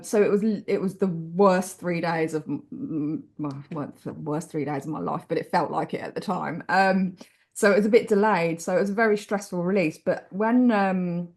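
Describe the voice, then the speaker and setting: An English woman telling stories as a guest author in a casual interview, chatty and expressive. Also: on the low side. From England. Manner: chatty and expressive, many restarts.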